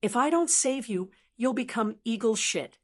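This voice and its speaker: A woman's voice: fairly high pitch, lively intonation, moderate pace, a little mellow. A woman voicing a wry, amused young male martial hero in an audiobook, speaking in a teasing way. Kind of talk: audiobook character reading.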